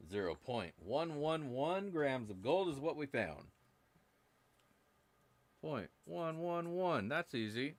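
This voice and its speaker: A man's voice: fairly high pitch, big pitch swings, slow, long pauses. A man hosting a casual live stream, joking and rambling to his viewers while he works at a workbench. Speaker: live-stream host prospecting for gold. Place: indoor workbench.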